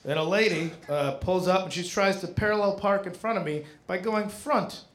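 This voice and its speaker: A man telling a stand-up story, animated, now and then shouting out acted bits of dialogue. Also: high voice, normal speed. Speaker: stand-up comedian. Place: comedy stage with a live audience. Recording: roomy live room with crowd laughter.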